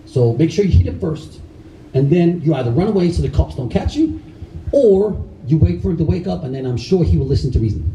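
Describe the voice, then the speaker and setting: A middle-aged man with a very dark, mellow voice tells lively stories to a crowd. He laughs often and acts out the people in his stories. The sound is echoey and a little distant from the mic, with faint noise behind him. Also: fairly high pitch, fairly quick. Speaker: karate instructor telling stories at a camp. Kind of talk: storytelling to a live audience. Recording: echoey room, voice far from mic.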